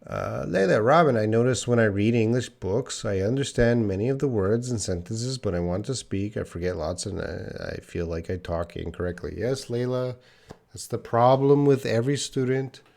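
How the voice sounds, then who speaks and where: This English teacher, a man running a live online lesson, reads chat questions aloud and corrects them with patience. He talks slowly and clearly for learners, sounding tired, in a low, darkish voice.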